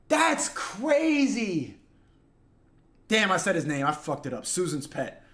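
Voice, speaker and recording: A man with a very high voice rants to his livestream chat. He mocks, swears and bursts into shouting. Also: huge pitch swings, takes it slowly. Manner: loud mocking, profane, shouting. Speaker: streamer.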